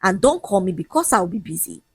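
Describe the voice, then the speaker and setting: A scornful young man who brushes off his fiancée and lectures her in a quick, mocking rush, voiced by a woman. The voice sits high and husky. It is recorded close and dry. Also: very animated, dry recording, full character voice. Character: arrogant cheating young man, dismissive and shameless.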